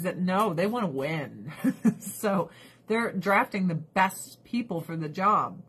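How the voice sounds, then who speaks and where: Husky, animated woman ranting. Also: medium pitch, a little slow. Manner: animated, sarcastic, laughs often; talks to pets and viewers. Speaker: vlogger. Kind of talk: casual ranting commentary.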